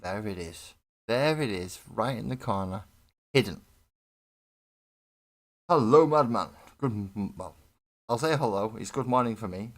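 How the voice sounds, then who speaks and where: A man chatting casually on a live stream while he builds a miniature model, rambling, mocking himself and swearing freely. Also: fairly low pitch. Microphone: desk webcam setup.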